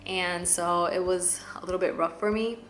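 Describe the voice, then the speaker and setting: Chatty woman, low voice. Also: fairly even intonation, normal speed, a bit bright, faint music behind. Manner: candid, chatty, many fillers. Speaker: vlogger. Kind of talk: casual chat.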